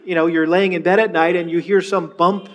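A middle-aged man preaching a sermon, telling a personal story with lively retellings and frequent restarts. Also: high voice, brisk, long reverb tail. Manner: storytelling, animated, with many restarts. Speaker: pastor.

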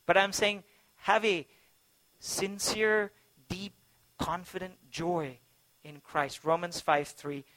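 A man from India preaching to his congregation in a high-pitched voice with a bright, forceful edge. He drops low for quiet stories, then climbs into loud exhortation, often checking in with tag questions. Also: fairly even intonation, takes it slowly, pauses often. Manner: swings between quiet storytelling and loud, rising exhortation. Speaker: pastor. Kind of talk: sermon.

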